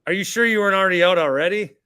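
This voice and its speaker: Male show host, higher bright voice, joking and teasing tone. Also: racing, clear, resonant tone, dry recording, clean studio sound. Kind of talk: casual call-in chat.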